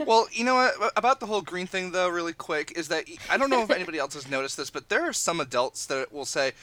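Bright-voiced playful man. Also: sits high, expressive. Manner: quick, playful. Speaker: podcast co-host. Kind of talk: casual chat.

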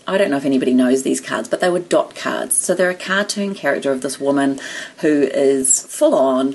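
A woman telling a story in casual chat, animated, laughing often and acting out the people in it. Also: sits low, slightly rough. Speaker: guest storyteller.

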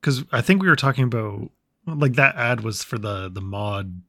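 A man's voice: mid-range voice, lively intonation, moderate pace, vocal fry, bright, forceful tone, no room sound, clean studio sound. A man in a casual podcast chat, thinking aloud in a hesitant way. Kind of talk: casual chat among friends.

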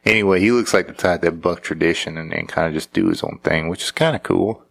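Deep gravelly-voiced man ranting sarcastically. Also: quick pace, a bit bright. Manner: sarcastic, rambling, frequent restarts. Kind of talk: casual comedic commentary.

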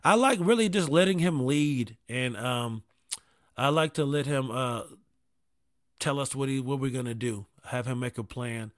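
A man telling casual comedic stories about gaming with his kid, profane and animated, with quick asides. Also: medium pitch, no echo, studio quality.

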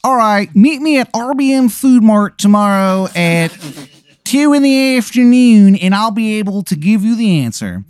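A man's voice: high voice, expressive, clear, resonant tone, pitched above the performer's own voice. Shithead Steve, a man doing a bad fake-accent local. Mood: hokey. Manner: overdone, drawn-out fake accent. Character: Shithead Steve, a hokey male local with a fake regional drawl.

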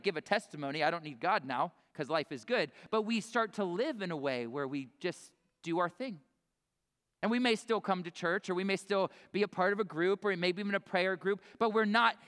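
Male pastor, conversational sermon, high voice, bright tone, long reverb of a big church hall. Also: clear, resonant tone. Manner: conversational, self-interrupting preaching with quoted asides. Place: church sanctuary.

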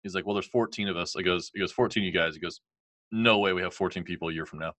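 A man's voice: low-pitched, fast talker, fairly bright tone, dry recording. A man in his thirties, a guest telling a candid, rambling life story with frequent laughs.

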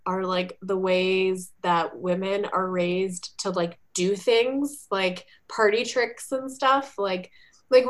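A woman in casual chat as a podcast co-host, talking in a chatty way with many fillers. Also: mid-range voice.

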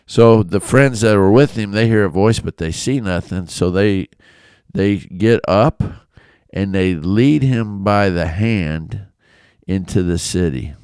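Man from Illinois, very low voice and unhurried delivery, casual animated Bible teaching in a dry close-mic room. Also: smooth, dry recording. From Illinois, USA. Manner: conversational, animated storytelling with asides. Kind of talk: casual Bible study talk.

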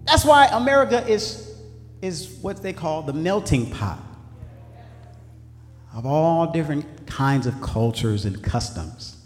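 A man preaching a sermon, swinging between shouted lines and low asides in call-and-response style. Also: lively intonation, takes it slowly, long pauses. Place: church sanctuary. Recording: echoey hall with faint music.

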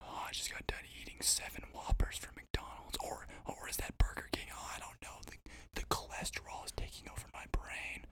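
A man voicing an exhausted, very heavy woman in a whispered ASMR role-play, breathy and gasping. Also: normal speed, close to an everyday voice. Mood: whispering, gasping.

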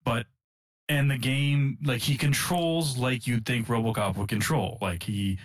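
A man's voice: mid-range voice, fairly even intonation, measured pace. A man co-hosting a casual gaming podcast, rambling and filling his talk with "like" and small chuckles. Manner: rambling, full of fillers and chuckles. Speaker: podcast co-host. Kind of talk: casual chat about video games.

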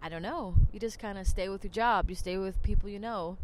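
A woman's voice: medium pitch, fairly quick, a little hiss or hum. A woman with a New Jersey accent hosting a podcast, talking in a rambling, chatty way with lots of fillers. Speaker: podcast host. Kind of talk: casual monologue.

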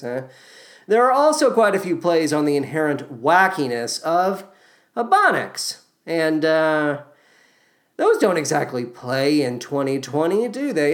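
Sardonic man with a lively, swooping voice. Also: fairly high pitch. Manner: sardonic, mocking, with sudden jokey asides. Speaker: podcast host reviewing a musical. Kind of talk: sarcastic review monologue.

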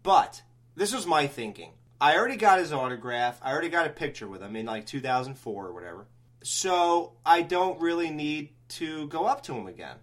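Male podcast host, higher pitch, rambling animated storyteller. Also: brisk. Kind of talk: casual podcast chat.

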